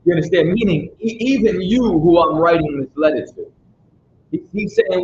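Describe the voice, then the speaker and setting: A man's voice: a little high, expressive, moderate pace. A man teaching a Bible study in a casual, emphatic way, constantly checking that his listeners follow him. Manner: casual street-style speech. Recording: roomy, dull sound with faint noise.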